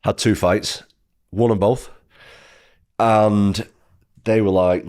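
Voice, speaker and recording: Here the guest fighter, a thirty-something Englishman from the United Kingdom, talks slowly with long pauses in a lowish, darkish voice and fairly even intonation. His casual storytelling wanders, leans heavily on fillers and circles back to fix what he said.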